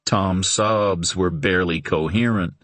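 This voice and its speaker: A man narrating a suspense novel in a steady, dramatic reading. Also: low voice, measured pace, no room sound. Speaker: audiobook narrator. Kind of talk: scripted narration.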